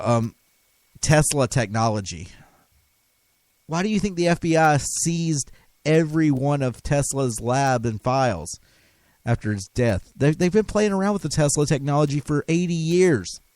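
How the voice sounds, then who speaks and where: A man's voice: a little high, darkish tone, no room sound. A man hosting a talk radio show, delivering an impassioned, emphatic monologue with frequent restarts. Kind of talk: conspiracy talk radio rant.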